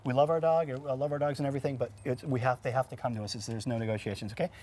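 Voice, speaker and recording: A man's voice: medium pitch, fairly even intonation, racing, dark tone. A man hosting a dog training show, explaining methods in an upbeat, chatty way with many fillers and restarts. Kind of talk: instructional TV show.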